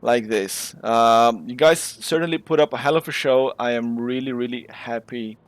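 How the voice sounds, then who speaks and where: A man from Brazil, hosting and calling a sim race with excitable, exclamatory play-by-play. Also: medium pitch, moderate pace, smooth, no room sound. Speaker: race commentator and host. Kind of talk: live sim racing commentary.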